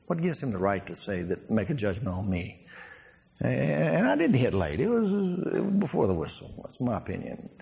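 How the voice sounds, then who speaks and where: A man, a former pro football player, telling stories from his playing days as a sermon to a congregation, laughing and shouting his punchlines. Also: mid-range voice, huge pitch swings, moderate pace, vocal fry, breathy edge.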